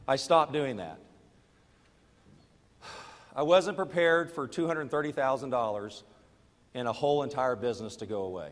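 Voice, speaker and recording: A middle-aged man giving a motivational talk to a live audience, telling a personal story and moving between quiet confession and loud urging. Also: on the high side, moderate pace, big-room sound. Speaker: network marketing speaker.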